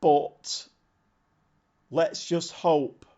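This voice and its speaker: A man streaming a football management game, commenting live on the match and shouting at the screen when it gets exciting. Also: a little high, extremely slow. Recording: slightly dull lo-fi sound.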